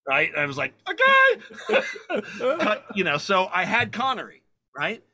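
A man with a bright, fairly high voice tells a story during a conversation. He is animated and swears freely, and he voices the other people in the anecdote as he goes. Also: fairly quick. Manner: animated, profane, acts out the people in his stories. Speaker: guest filmmaker.

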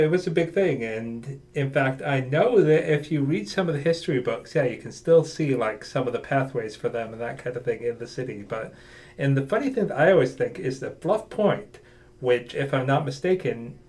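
A man's voice: medium pitch, expressive, a little fast, a little mellow. A man co-hosting a local newspaper podcast, playful and dry, reading old news aloud. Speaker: podcast co-host, night editor.

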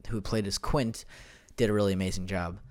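A man's voice: fairly low pitch, fairly even intonation, brisk, a little mellow. Rambling young man on a podcast mic. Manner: rambling, many fillers and self-corrections. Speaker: podcast host. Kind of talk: casual solo podcast chat. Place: home room. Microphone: desk microphone.

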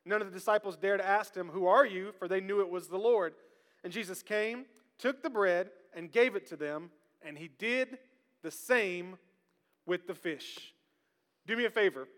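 A high, bright male voice with a drawl, preaching to his congregation. He keeps things lively and pulls the room into call-and-response. His voice rings out with a long reverb that fills the large church hall. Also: normal speed. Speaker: pastor. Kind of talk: sermon. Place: church sanctuary.

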